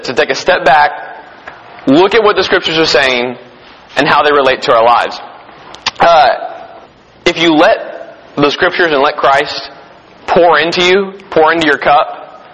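A man's voice: on the high side, fairly bright tone, breathy edge. A man preaching an informal sermon as pastor, talking conversationally with frequent restarts and questions to the congregation. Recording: long hall reverb, dull lo-fi sound.

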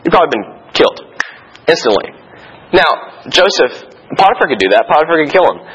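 A man giving an informal Bible teaching in a conversational, animated way, acting out the people in the story. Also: a little fast, a little hiss or hum. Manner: conversational, animated, acts out quotes with shifting pitch. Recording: dull lo-fi recording.

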